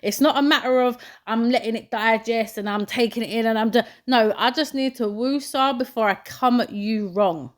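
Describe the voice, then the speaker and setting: A woman's voice: on the high side, moderate pace, few pauses. Blunt woman co-host. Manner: blunt, direct. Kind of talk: casual chat.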